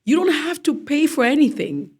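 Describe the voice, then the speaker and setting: A woman's voice: sits high, normal speed. A woman, a guest in an interview, telling a personal story in casual conversation and acting out the voices of people she quotes. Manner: animated, acts out quoted voices.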